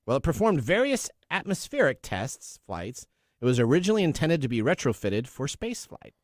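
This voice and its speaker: A man's voice: mid-range voice, sing-song, a little fast, no room sound, studio quality. A man hosting a tech radio show, chatty, jokey and upbeat in casual banter. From US Pacific Northwest.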